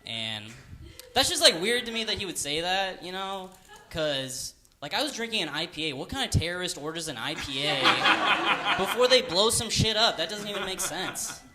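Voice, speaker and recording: A man's voice: sits high, big pitch swings, normal speed. A young man doing a casual, rambling stand-up comedy set on stage, full of "like" fillers. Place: comedy stage before a live audience. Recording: live venue with background noise.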